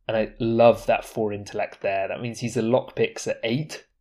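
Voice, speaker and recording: A man's voice: lowish voice, fairly even intonation, darkish tone. Chatty man talking card games. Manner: enthusiastic, chatty, quick asides. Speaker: podcast co-host. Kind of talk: casual board game discussion.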